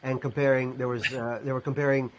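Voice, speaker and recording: A man's voice: medium pitch, level tone, fast talker, noisy background. A man co-hosting a podcast, thinking aloud and restarting as he links ideas to the guest's point. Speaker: podcast co-host. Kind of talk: casual interview talk.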